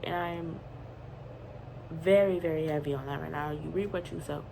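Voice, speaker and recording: Woman aged nineteen, new mom vlogger, candid rambling slang, lowish voice, faint background noise. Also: fairly even intonation, normal speed, vocal fry. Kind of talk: casual chat.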